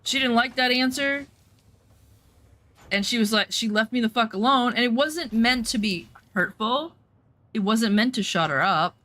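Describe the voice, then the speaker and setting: A woman's voice: on the high side, moderate pace, dry recording. A woman streamer chatting casually while playing, telling a story bluntly and swearing freely, acting out what people said. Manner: animated storytelling, acts out quotes.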